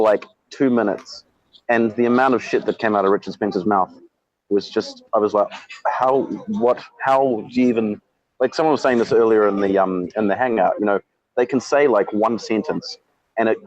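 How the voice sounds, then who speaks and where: A man on a livestream panel, talking casually in halting bursts full of restarts. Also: lowish voice, muffled recording. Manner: halting, many restarts and stammers.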